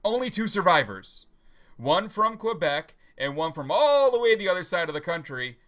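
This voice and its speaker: A man's voice: high voice, very animated, moderate pace, a bit bright. A male podcast host in casual livestream chat, a rambling, chatty storyteller.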